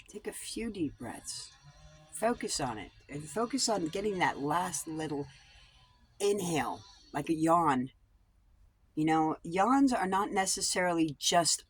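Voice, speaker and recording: A woman's voice: low voice, slow, breathy edge, no echo. A woman vlogger talking in a rambling personal monologue about coping, blunt and digressive, swearing freely.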